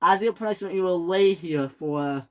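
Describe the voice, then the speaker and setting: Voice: medium pitch, moderate pace, a bit bright, natural voice, low-quality recording. A performer voicing a stern railway boss who scolds his engines, in a toy train story. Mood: scolding.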